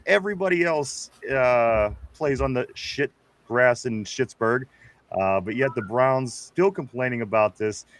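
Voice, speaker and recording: A man's voice: mid-range voice, a bit bright, no room sound. A man co-hosting a casual sports podcast, reading viewer comments and talking loosely, with swearing and laughs. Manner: loose and profane, laughing, addresses co-host often.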